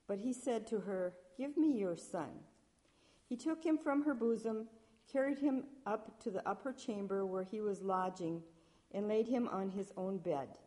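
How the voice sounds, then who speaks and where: A woman reading scripture aloud at a church service, measured, with small slips and restarts. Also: medium pitch, dark tone. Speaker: lector.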